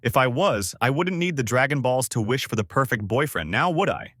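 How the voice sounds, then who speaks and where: A man's voice: medium pitch, lively intonation, brisk, a bit bright, no echo. Bulma, a bossy young woman, read by a man.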